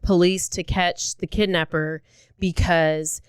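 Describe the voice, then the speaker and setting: A woman co-hosting a casual true-crime podcast, telling the story in animated bursts with sudden jumps in pitch. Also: takes it slowly, smooth, no echo, studio quality. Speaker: podcast co-host.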